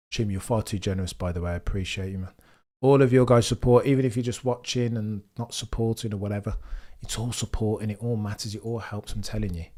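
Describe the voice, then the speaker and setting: Hosting a casual live watchalong, a man from the Birmingham area of England chats with viewers, reads their comments aloud, and adds wry asides. He has a mild Brummie accent and a fairly low-pitched voice with a dark tone.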